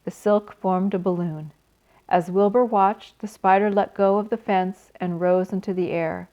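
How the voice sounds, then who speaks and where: A woman reading a children's book aloud in a gentle, expressive way, adding small asides for her listeners. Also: mid-range voice, a little slow. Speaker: storyteller. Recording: slightly dull recording.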